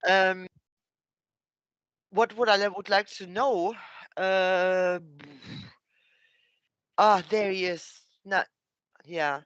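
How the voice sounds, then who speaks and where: A middle-aged man with a German accent and a high, bright, ringing voice. He chats as a guest on a live stream, explaining words through careful examples, and his sound is close and dry with no room around it. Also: fairly even intonation, extremely slow, long pauses, smooth, dry recording, muffled recording. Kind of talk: casual livestream chat.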